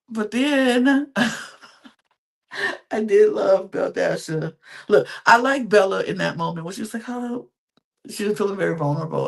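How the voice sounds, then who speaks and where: A woman's voice: medium pitch, moderate pace, gravelly, pauses often. A woman hosting a podcast, chatting through a reality-show recap in a casual, emphatic way and acting out what the contestants said. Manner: chatty, animated, acts out quotes in little voices; emphatic, repeats words for effect. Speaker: podcast host.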